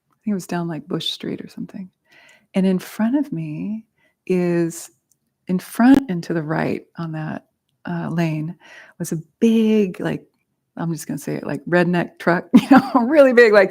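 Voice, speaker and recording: A woman's voice: lowish voice, gravelly, darkish tone. Laughing, candid woman dharma teacher. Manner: candid, laughs often, swears freely. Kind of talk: dharma talk with personal stories.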